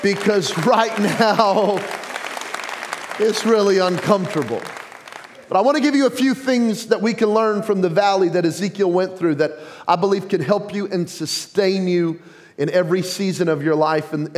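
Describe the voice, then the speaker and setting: A male pastor preaching a sermon with growing passion, sometimes building to a yell, with joking self-deprecating asides. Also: high voice, normal speed, a faint crowd.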